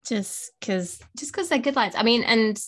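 A woman's voice: a little high, moderate pace. A woman with an English accent co-hosting a podcast, chatting casually and rambling with many fillers and restarts. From England. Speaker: podcast co-host. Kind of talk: casual chat.

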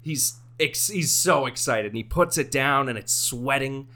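A man co-hosting a podcast, casually telling a long shaggy-dog joke with a slow build and some swearing. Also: medium pitch, bright, forceful tone. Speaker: podcast co-host.

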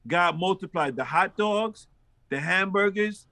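Lively storytelling pastor, a man with a higher voice. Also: a little slow, a little hiss or hum. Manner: lively storyteller who acts out dialogue with big jumps in pitch. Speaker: pastor and street minister. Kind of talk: animated storytelling in an interview.

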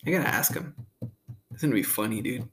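A man's voice: mid-range voice, fast, a bit bright, a little hiss or hum. A man in his twenties hosting a podcast in a casual, laid-back, profane way, saying "dude" a lot and laughing often. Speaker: podcast host. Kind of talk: casual chat.

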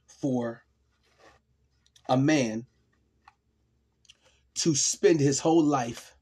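A man talking to his viewers in an emotional monologue, tearful and clearing his throat, slow and emphatic, repeating his phrases. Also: medium pitch, dark tone. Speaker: vlogger.

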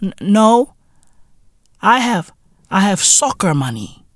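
A South African man hosting a podcast, ranting comically with profanity, repeating himself in loud disbelief. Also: high voice, sing-song, slow pace, pauses often, dry recording, studio quality. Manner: loud, incredulous, repeats himself, swears constantly. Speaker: podcast host. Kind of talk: profane comedic rant.

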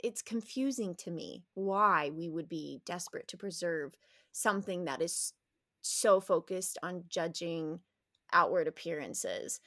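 A woman speaking as an interview guest, animated and candid, often restarting sentences and laughing as she talks. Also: medium pitch, dry recording, clean studio sound.

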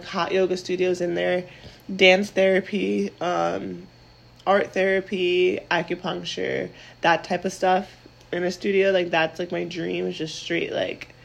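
Young woman talking with heavy vocal fry. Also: fairly low pitch, rough recording. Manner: candid, chatty, swears freely, says "like" a lot. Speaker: podcast host. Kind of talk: casual solo podcast chat.

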